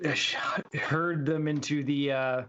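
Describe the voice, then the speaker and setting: A man's voice: on the high side, steady tone, unhurried, fairly bright tone. A man playing in a tabletop game, describing his moves in a stumbling, apologetic way. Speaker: player. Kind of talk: casual tabletop play. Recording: dull lo-fi sound.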